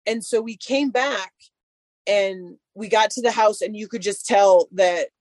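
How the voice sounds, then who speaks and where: A woman's voice: mid-range voice, a little slow, a little mellow, dry recording. Woman just chatting about her dogs, says like a lot, dry sound. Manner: chatty storyteller, many "like" fillers. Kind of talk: casual chat.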